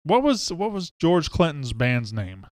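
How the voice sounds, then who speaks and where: On a laid-back live sports talk show, the male host chats and reads out viewers' names and hometowns as he greets them. He speaks at a measured pace, very animated, on the high side and a little mellow, in a studio-quality recording without echo.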